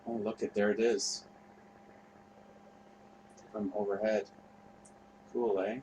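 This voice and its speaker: A man's voice: fairly low pitch, level tone, slow pace, darkish tone, a little hiss or hum, low-quality recording. A man, hosting a casual online tour and rambling through a profane story with mumbled asides. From Canada. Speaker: host. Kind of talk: casual chat while touring by map screen.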